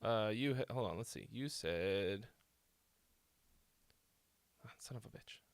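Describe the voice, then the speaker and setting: A man's voice: fairly low pitch, slow pace, vocal fry, dry recording. A young man hosting a casual livestream, telling rambling stories full of swearing. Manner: laid-back storytelling, heavy swearing. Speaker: host.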